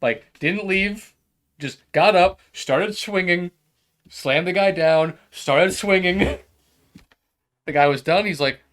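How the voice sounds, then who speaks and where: A man's voice: high voice, slow pace, long pauses. A man co-hosting a casual podcast, telling a story with lots of laughter and acted-out quotes. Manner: animated storyteller, acts out quotes, laughs often. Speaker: podcast co-host.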